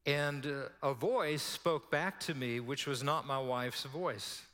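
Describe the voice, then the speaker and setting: A man, preaching a sermon as pastor and telling stories in an animated way. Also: mid-range voice, slow pace, long reverb tail. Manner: storytelling, animated, drops to a hush for quoted prayer.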